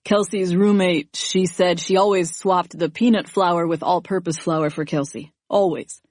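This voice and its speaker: A woman reading an audiobook voices a grieving young man, speaking softly and haltingly. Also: lowish voice, fairly even intonation, no echo, studio quality. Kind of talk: audiobook character voice.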